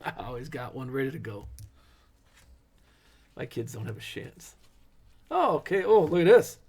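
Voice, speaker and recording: A man's voice: medium pitch, very animated, normal speed, creaky, a little mellow, slightly rough. A middle-aged man hosting a live card break, chatting casually and cracking corny dad jokes.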